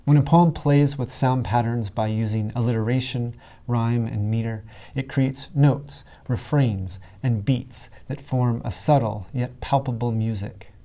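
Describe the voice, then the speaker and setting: Guy teaching poetry, mellow voice, reads slow and clear, leans hard on the example words. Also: mid-range voice, steady tone. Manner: clear, deliberate delivery with exaggerated stresses in the examples. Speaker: writing instructor. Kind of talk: scripted educational narration.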